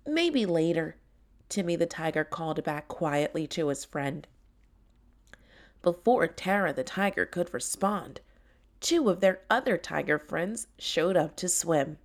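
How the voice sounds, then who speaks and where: Low, gravelly woman reading a story. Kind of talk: children's story narration.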